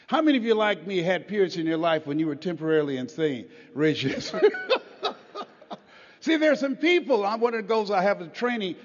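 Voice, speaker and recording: A man giving a rousing motivational speech to a live audience, leading them in call-and-response. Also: high voice. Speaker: motivational speaker. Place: large hall with a live audience. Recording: echoey hall, dull lo-fi sound.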